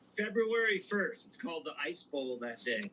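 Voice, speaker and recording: A man's voice: fairly high pitch, normal speed, a little hiss or hum, low-quality recording. A man from Montana, co-hosting a podcast, telling stories in casual chat and slipping into old-timey voices. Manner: animated storyteller, slips into old-timey voices. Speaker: podcast co-host.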